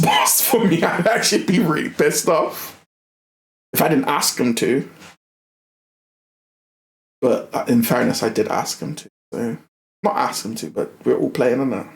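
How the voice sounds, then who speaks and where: A young gaming streamer rants casually while he plays, his medium-pitched voice moving at a moderate pace with long pauses in an echoey room. He's animated, swears a lot, repeats himself and trips over his words.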